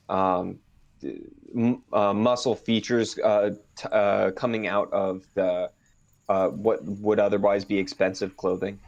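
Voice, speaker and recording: A man narrating as game master, pausing often with ums and uhs. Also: lowish voice, muffled recording. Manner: hesitant, full of ums and uhs. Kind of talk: narrating a tabletop game stream.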